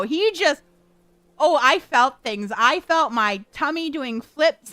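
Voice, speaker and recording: A woman reacting to a game in casual commentary, excitable, flustered and giggly. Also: sits high, no echo. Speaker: streamer.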